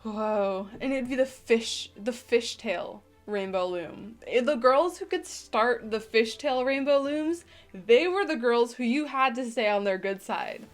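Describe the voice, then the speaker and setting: A woman in her twenties hosting a casual reaction video, reading an online post aloud and reacting with animated, slangy emphasis. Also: on the high side, measured pace, soft background music. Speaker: YouTube host.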